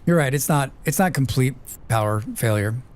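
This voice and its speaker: Playing a game on stream, an American man reads chat aloud and chats casually with viewers, laughing often and swearing without restraint. His mid-range voice has lively intonation at normal speed.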